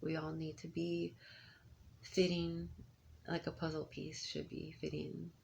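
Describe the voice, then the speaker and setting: A woman's voice: low-pitched, monotone, a little slow, gravelly, darkish tone. A woman in her thirties, a parent, talking in a casual, rambling monologue full of restarts and asides. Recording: faint background noise.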